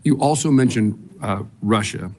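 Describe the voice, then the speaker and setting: A senator questioning a nominee in a halting way, with restarts. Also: male voice, fairly low pitch, a little mellow.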